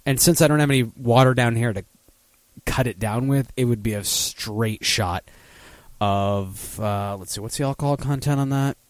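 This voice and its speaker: A mid-range male voice at a moderate pace, recorded without room sound, belongs to a casual talk-show host. He rambles, swears freely, and laughs at his own jokes in easygoing talk-radio banter.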